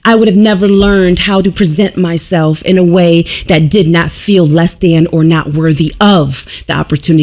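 A woman's voice: fairly low pitch, darkish tone. A woman speaking as a radio studio guest, emphatic and storytelling in a casual chat. She pushes her points hard and lets emotion show in her voice.

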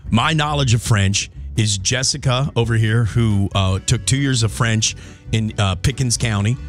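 A man's voice: fairly low pitch, moderate pace, soft background music. A man hosting a radio show in casual on-air banter, joking and playfully mangling food words.

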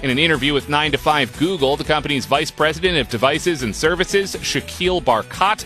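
A man reading a short tech news segment in a crisp newsreader delivery. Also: fairly high pitch, bright, forceful tone. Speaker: news anchor. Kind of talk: scripted news read.

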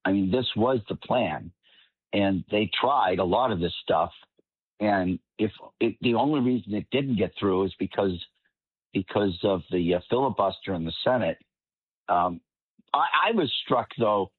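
A man's voice: fairly low pitch, normal speed, husky, dry recording. A man appearing as a political commentator guest, talking at length in an emphatic, long-winded way. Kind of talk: panel commentary. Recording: tinny phone-like line, dry.

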